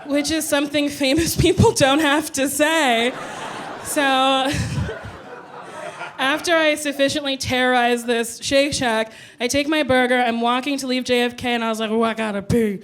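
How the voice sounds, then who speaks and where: A woman comedian telling a stand-up story with animated, loud acted-out quotes. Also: high-pitched, normal speed, noisy background.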